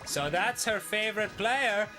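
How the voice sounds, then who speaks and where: A man imitating his earnest, confused older father, stretching his words slowly. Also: sits high, expressive, pushed and bright, soft background music, voice pushed up, heavily acted.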